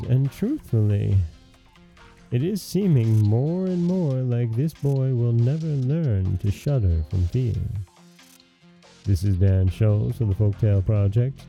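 Gravelly-voiced man narrating folktales. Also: on the low side, muffled recording. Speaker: podcast host and storyteller. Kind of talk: scripted storybook narration.

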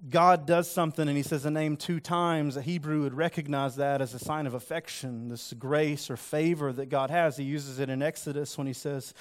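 A man delivering a sermon in a relaxed, conversational way. His voice sits a little higher than most men's. He turns earnest and emphatic when he acts out quoted words. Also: normal speed, hardly any pauses. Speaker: pastor.

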